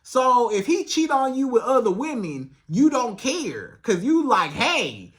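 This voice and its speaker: A woman's voice: fairly high pitch, sing-song, measured pace. A woman relationship coach giving direct, emphatic advice to camera, repeating herself for stress and acting out quoted voices, with speech.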